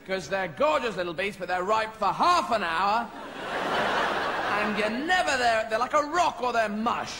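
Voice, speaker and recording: A stand-up comedian rambles through a surreal routine, slipping in and out of little voices. His voice sits notably high for a man. Loud crowd laughter washes over the live recording. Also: lively intonation, a little slow, big-room sound, heavy background noise. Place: comedy venue with a live audience.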